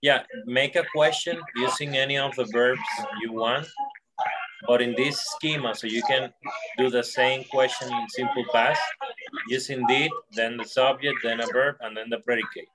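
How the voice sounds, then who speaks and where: A man leads an online English lesson with patient corrections and steady encouragement. His voice sits at an ordinary middle pitch. A noticeable hiss and stray clicks run under the recording. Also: normal speed. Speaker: English teacher. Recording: noisy line with clicks.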